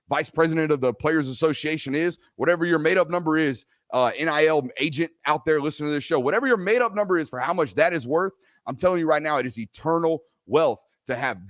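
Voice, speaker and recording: Animated ranting sports-show host, man. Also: medium pitch, no room sound, studio quality. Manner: animated ranting, emphatic repetition. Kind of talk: live sports talk and Q&A.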